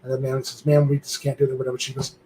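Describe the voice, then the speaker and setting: An older man, a guest on a live stream, chatting casually and telling an animated story, acting out the voices of the people in it. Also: mid-range voice, rapid-fire, slight background noise, low-quality recording.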